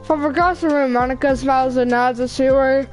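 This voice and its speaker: A woman's voice: high-pitched, steady tone, fairly quick, darkish tone, soft background music, rough recording. A woman YouTuber reading a visual novel aloud, casually correcting herself and apologizing to viewers.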